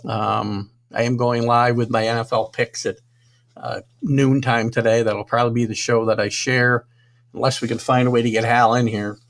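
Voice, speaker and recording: A man's voice: mid-range voice, level tone, moderate pace. A man hosting a live sports talk stream, flustered and apologetic, muttering to himself while fighting technical trouble. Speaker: sports talk show host.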